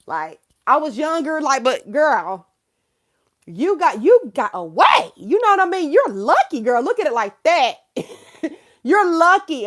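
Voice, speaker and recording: A woman's voice: high voice, a bit bright. A woman in her thirties giving a live tarot reading, talking frankly and laughing often as she calls the viewer girl. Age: 30s. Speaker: tarot reader.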